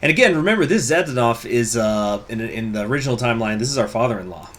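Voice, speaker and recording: A man's voice: mid-range voice, lively intonation, fast talker, a bit bright, a little hiss or hum. A man hosting a strategy game playthrough, reading event text aloud and adding casual joking asides. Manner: casual, joking asides between read-out passages. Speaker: let's play host.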